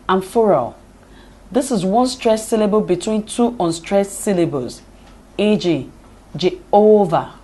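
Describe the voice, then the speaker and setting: A woman delivers a lecture at a very slow, unhurried pace, reading steadily from her notes. Her pitch sits in a middle range for a woman. She spells out each example with care. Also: warm tone. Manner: reads notes aloud deliberately, spelling out examples. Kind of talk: slow read-aloud lecture on poetry.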